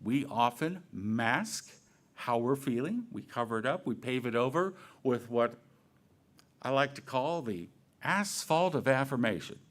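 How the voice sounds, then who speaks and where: Lively conversational male minister. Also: mid-range voice, unhurried. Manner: conversational, self-questioning, playful asides. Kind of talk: sermon.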